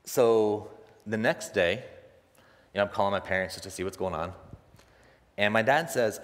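A young man preaching a sermon, telling a personal story in an animated way and acting out the other people's voices, laughing often. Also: lowish voice, normal speed, pauses often. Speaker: pastor. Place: church sanctuary. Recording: long reverb of a church hall.

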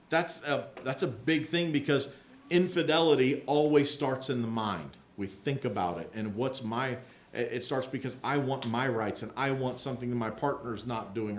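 A medium-pitched, reverberant voice belongs to a pastor giving a conversational sermon in a large rented hall used for church services. He is a candid, self-mocking storyteller who acts out the voices of the people in his tales.

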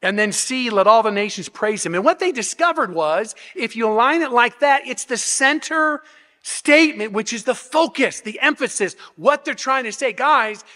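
A male pastor with a very high, pushed, bright voice preaches an expository sermon at normal speed with lively intonation. He moves step by step, poses rhetorical questions, and often restarts and repeats words, and the church sanctuary adds long hall reverb.

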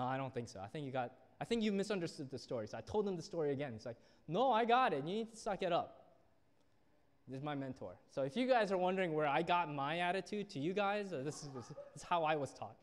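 A young man preaching a sermon as a youth pastor, telling stories and acting out the people in them. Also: a little high. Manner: storytelling, acts out quoted people. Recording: long reverb of a church hall.

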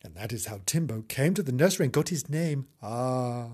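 A man's voice: medium pitch, animated, normal speed, a little mellow, slightly rough. A man reading a children's book aloud in a mock-sweet tone, with cheeky ad-libbed asides and giggles. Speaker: comic storyteller.

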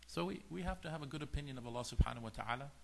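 A religious teacher whose first language is Farsi delivers a sermon-style lecture on faith, animatedly telling stories and acting out the characters' lines in shifting voices. His mid-range voice races and sounds gravelly, with slight background noise.

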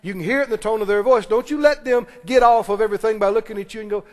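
A man preaching a sermon, calling on the congregation to respond and breaking into quick asides. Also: high voice, darkish tone. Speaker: pastor. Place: church sanctuary. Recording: long reverb of a church hall.

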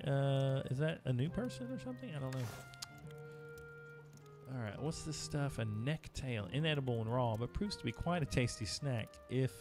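A man's voice: medium pitch, creaky. Chatty male gamer streaming live. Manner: chatty, talking to chat while playing. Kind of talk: casual live-stream gameplay chat. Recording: music playing behind.

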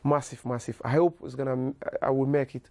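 Soft-spoken man with gravelly voice. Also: medium pitch, flat delivery, no room sound. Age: 30s. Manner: halting, repeats words, many "you know". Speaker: guest footballer. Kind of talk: casual interview chat.

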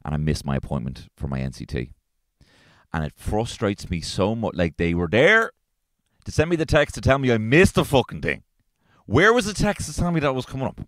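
Irish guy ranting in his car, lowish voice that swings all over, dry close sound, lots of swearing. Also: sing-song, fairly quick, fairly bright tone, no echo. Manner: profane, exasperated ranting. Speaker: podcast host. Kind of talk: solo comedic podcast rant. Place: inside his parked car.

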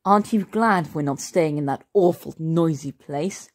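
A woman reading the lines of a stubborn, cheerful father who loves roughing it, in a hearty, insistent storybook voice. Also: low-pitched, measured pace.

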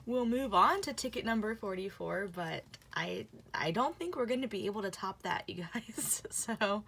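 A woman filming a casual vlog as she plays scratch-off tickets, gasping, laughing and slipping into whispers as she gets excited. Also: mid-range voice, normal speed, creaky, hardly any pauses, husky. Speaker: lottery scratch-off vlogger. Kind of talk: casual chat to camera.

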